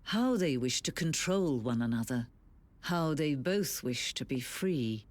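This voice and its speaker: A woman voicing a calm, all-knowing female game narrator who speaks slowly and gravely, urging the player to stop. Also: rumbling low. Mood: solemn. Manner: slow, grave, measured.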